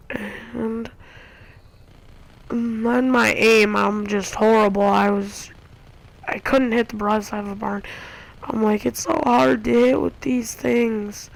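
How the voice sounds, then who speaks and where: A woman giving casual gameplay commentary, excitable and acting out her own reactions. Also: a little high, slow, creaky, no echo, low-quality recording. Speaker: gamer. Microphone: console share recording.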